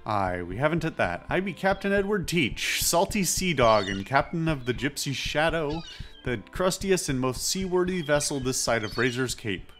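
A man's voice: on the high side, sing-song, moderate pace, a bit bright, soft background music, pitched above the performer's own voice. A man reading a boastful male pirate captain in a hammy pirate accent.

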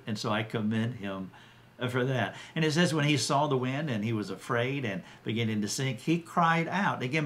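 A man giving an earnest Bible teaching, quoting scripture with emphasis and pausing to restart his sentences. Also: medium pitch, fairly bright tone.

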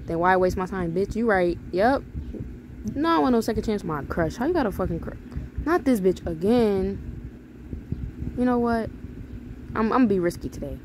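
A young woman gamer gives loud, profane commentary as she plays. She fires back at the game's text messages with sass. A little game noise sits faintly behind her voice. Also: medium pitch, expressive, moderate pace, pauses often. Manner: loud, profane, reacting and reading texts aloud with sass. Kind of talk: casual gameplay commentary.

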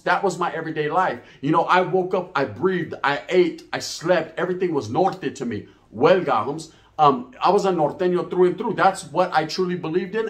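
A middle-aged man, talking casually and bluntly to camera as a YouTuber, full of street slang and profanity. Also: fairly high pitch.

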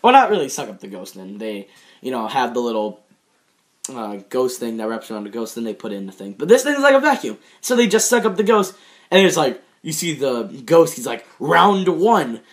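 A man's voice: medium pitch, sing-song, fairly quick. A young man in his teens giving a casual, rambling review of a TV episode, full of fillers and restarts and laughing at his own jokes. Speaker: show reviewer.

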